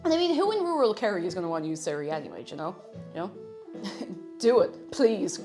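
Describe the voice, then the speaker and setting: Woman, home kitchen stream, casual cooking chat, lively, reads chat aloud. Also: mid-range voice, a little fast. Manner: chatty and animated, reading chat messages aloud. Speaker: live streamer. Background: faint music.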